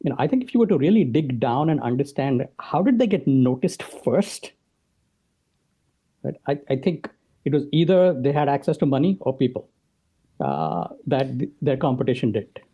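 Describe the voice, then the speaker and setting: A man's voice: medium pitch, expressive, normal speed, warm tone, husky. A man being interviewed as a podcast guest, explaining his ideas in conversation and often checking in with a "right?". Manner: explanatory, tags points with "right?".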